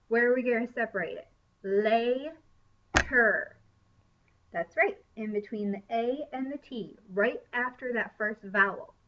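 A woman teaching first grade in a recorded lesson, speaking in an encouraging way. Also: fairly high pitch. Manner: slow, encouraging teacher talk. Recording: dull sound from a distance.

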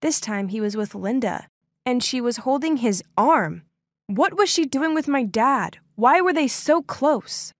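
Young female narrator, earnest and dramatic, high voice, dry close mic. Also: lively intonation, measured pace, no room sound. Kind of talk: first-person animated story narration.

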